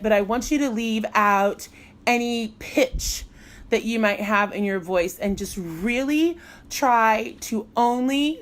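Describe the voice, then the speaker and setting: A woman's voice: on the high side, fairly bright tone. A middle-aged woman music teacher giving a casual live online lesson, chatty and playful and often laughing.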